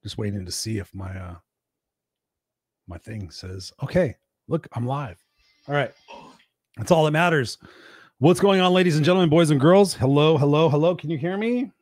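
A man hosting a live-streamed motivational show, talking in an energetic coaching tone and greeting viewers by name, his voice a little tired. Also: a little high, normal speed, pauses often, no echo, studio quality. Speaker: podcast host. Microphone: desk mic with monitors.

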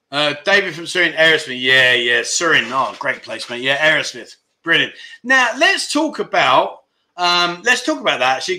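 A man's voice: on the high side, pushed and bright. A middle-aged man hosting a casual livestream chat show, joking, teasing viewers and reading out their comments. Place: home in Pattaya.

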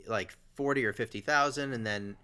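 Bright-voiced man spinning a rambling story. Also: mid-range voice, normal speed, smooth. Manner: rambling storyteller with many fillers and restarts. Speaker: guest telling a story. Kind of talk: casual chat.

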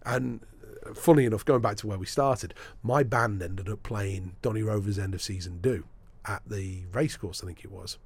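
Guesting on a podcast, a sports broadcaster spins lively anecdotes and acts out the people he quotes. His lowish voice has a breathy edge, moving at a moderate pace with few pauses.

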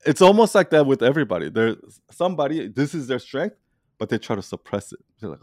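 A man leading an online community, talking casually in an animated, rambling way and laughing often. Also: medium pitch, quick pace, no echo, studio quality. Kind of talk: casual conversation.

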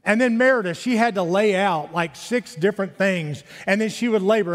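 A man in his fifties preaching a sermon, animated, asking his listeners rhetorical questions. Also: high-pitched, moderate pace, few pauses. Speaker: pastor. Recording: long hall reverb.

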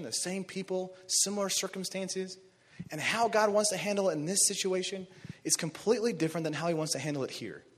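A man preaching a sermon, animated, acting out voices of biblical figures. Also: high-pitched, slightly rough, long reverb tail. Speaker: pastor.

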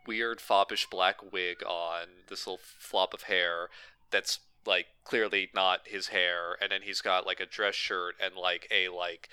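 Sarcastic male podcast co-host, bright and crisp, rambling riffs, dry close mic. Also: low-pitched, level tone, unhurried, no room sound. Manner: sarcastic, rambling, swears freely. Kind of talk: casual movie-riffing chat.

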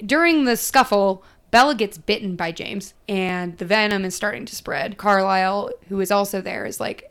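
A woman's voice: mid-range voice, moderate pace, few pauses, fairly bright tone, clear, resonant tone. A woman hosting a podcast who chats casually, recaps a film sarcastically, swears freely and acts out the characters. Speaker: podcast host.

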